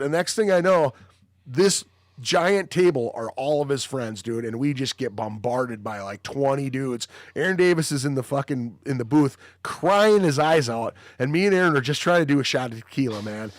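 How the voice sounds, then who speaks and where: A man's voice: mid-range voice, normal speed, no room sound, studio quality. A man hosting a podcast, telling rambling stories in casual chat and swearing constantly. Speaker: podcast host.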